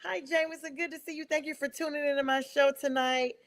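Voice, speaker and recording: A woman from North Carolina with a Southern accent, hosting a casual sports talk show, chatty and quick to laugh. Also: high-pitched. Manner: chatty, laughs often, animated asides.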